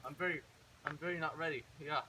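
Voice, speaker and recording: A man's voice: a little high, fairly even intonation, quick pace, recorded from a distance, noisy background, lightly acted. A man voicing a sly young boy who plays dumb, in a sheepish, playful way, in a casual storybook retelling.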